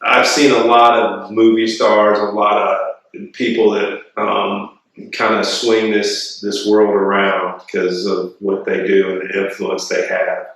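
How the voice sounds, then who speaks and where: A middle-aged man, a retired golf pro, telling animated stories as a podcast guest, swearing freely. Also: on the low side, slow, gravelly. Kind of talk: casual storytelling interview. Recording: echoey room, distant mic.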